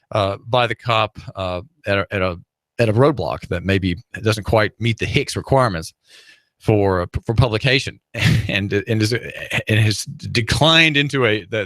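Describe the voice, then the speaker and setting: A man's voice: lowish voice, a bit bright, dry recording. A man hosting a talk radio show, rambling through a monologue with many fillers, restarts and wry chuckles. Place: radio studio.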